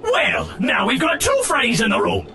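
A man voicing a hot-tempered male pirate fox animatronic who shouts, curses and uses pirate talk in a cartoon. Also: very high voice, wildly swooping pitch, moderate pace, creaky, distant mic, slight background noise, exaggerated voice. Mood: furious.

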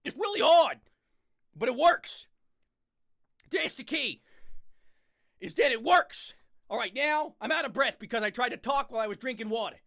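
A young man playing a hyper, fast-talking scout character from a game in a comic impression, frantic and yelping. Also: extremely high pitch, lively intonation, pushed and bright, full character voice. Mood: rambling chatter.

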